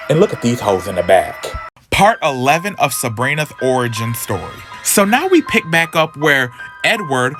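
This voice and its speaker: Man, casual comic book recap, campy and sassy, cussing asides, average pitch, faint music behind. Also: sing-song, moderate pace. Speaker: storyteller.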